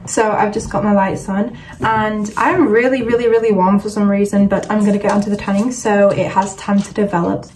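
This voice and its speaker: A woman's voice: medium pitch, darkish tone, distant mic, slight background noise, low-quality recording. A young woman from Yorkshire with a Yorkshire accent, chattily narrating each step of her routine in a casual get-ready-with-me vlog from her bedroom. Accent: Yorkshire English. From Yorkshire, England. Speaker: vlogger. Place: bedroom at home.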